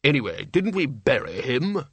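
A man's voice: mid-range voice, big pitch swings, moderate pace, husky, no echo. A man voicing a sceptical, matter-of-fact male wizard lecturer in a storybook reading. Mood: objecting.

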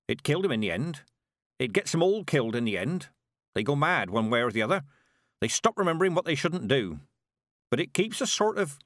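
A stern old witch who gives orders in a brisk, no-nonsense way, put on by a man reading a story. The voice sits higher than a plain male voice and swings up and down a lot. The sound is dry and close, with no room around it. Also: a bit bright, no room sound.

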